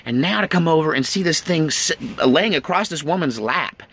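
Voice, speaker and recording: Gravelly, lively East Texas man telling a story. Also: a little high, fairly quick. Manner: rambling, chuckling between lines. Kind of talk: casual spoken storytelling.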